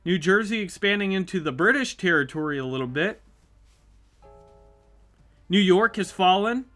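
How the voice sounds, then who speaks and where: A YouTube host calls a simulated battle live as it unfolds on a map, chatty and upbeat, reacting with excitement. His voice is high and bright with a sharp edge, at normal speed, over quiet faint music.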